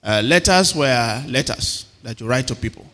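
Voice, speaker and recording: Bright-voiced preacher in a reverberant hall. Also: male voice, medium pitch, lively intonation, normal speed. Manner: calls to the congregation for responses. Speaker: pastor. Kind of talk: sermon.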